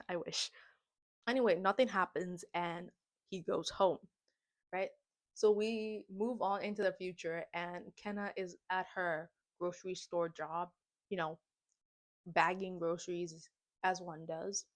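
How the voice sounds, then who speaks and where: Animated young woman recapping a movie. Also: on the low side, a little slow. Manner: animated, slangy, dramatic retelling with comic asides. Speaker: movie reaction vlogger. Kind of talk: casual movie recap and reaction.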